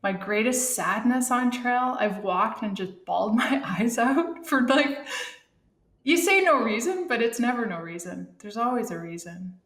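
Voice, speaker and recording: A woman's voice: mid-range voice, normal speed, few pauses, reverberant. A middle-aged woman speaking as an interview guest, earnest and heartfelt, talking reflectively with restarts. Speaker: guest, Olympic athlete and thru-hiker. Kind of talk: reflective casual interview talk.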